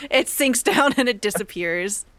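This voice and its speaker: Woman GM, unhurried narration, fairly high voice, dry close sound. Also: a bit bright, no room sound. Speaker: game master. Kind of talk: narrating a tabletop game.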